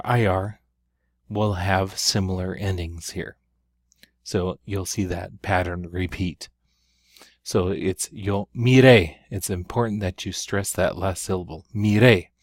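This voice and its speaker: A man teaching a recorded grammar lesson, explaining patiently and stressing key syllables loudly. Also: fairly low pitch, no room sound, studio quality.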